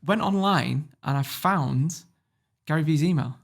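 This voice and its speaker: A man from Warrington with a northern English accent, telling stories as a podcast guest in a casual, animated way, swearing freely. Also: fairly high pitch, a little slow, creaky. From Warrington, England. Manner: animated storyteller, swears freely, laughs often. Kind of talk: casual interview storytelling.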